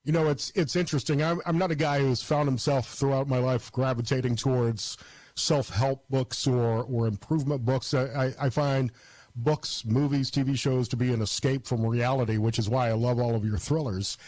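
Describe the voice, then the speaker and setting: A middle-aged man hosting an interview show, talking in a halting way and repeating words as he thinks. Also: mid-range voice, steady tone, darkish tone, no room sound. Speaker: radio show host. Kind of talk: interview conversation.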